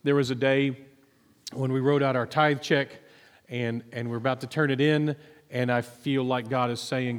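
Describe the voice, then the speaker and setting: A man who is a minister and psychologist, telling personal stories in a relaxed, self-deprecating way, with many ums. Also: medium pitch, moderate pace, smooth. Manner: conversational, self-deprecating storytelling with many fillers. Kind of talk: sermon testimony. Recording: echoey hall reverb.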